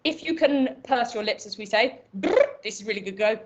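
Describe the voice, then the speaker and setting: A woman with an Irish accent teaching an online voice class, explaining and demonstrating breathing and pitch exercises. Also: expressive, brisk, background noise. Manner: instructive, demonstrates vocal exercises. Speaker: voice coach.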